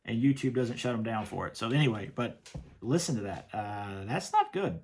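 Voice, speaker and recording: A man's voice: mid-range voice, lively intonation, normal speed, a little mellow. A man hosting a commentary show, talking in an emphatic, stern way and often repeating himself. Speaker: host reviewing worship music. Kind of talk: opinionated commentary.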